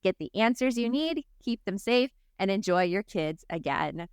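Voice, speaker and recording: A woman's voice: mid-range voice, lively intonation, moderate pace, a little mellow, clean tone, no echo, studio quality. A woman hosting a parenting podcast, chatting casually and acting out quoted lines, laughing easily. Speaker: podcast host. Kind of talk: casual interview chat.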